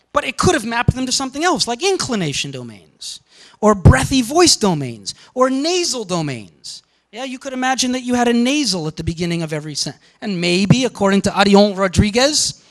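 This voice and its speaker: A man giving a university lecture, animated and often checking in with the class. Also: sits high, rough recording.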